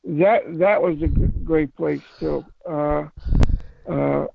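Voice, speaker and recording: A man telling a paranormal story in a casual phone interview, rambling and halting with many restarts. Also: a little high, fairly even intonation, no echo. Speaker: paranormal investigator guest. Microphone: phone call. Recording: tinny phone line, fry.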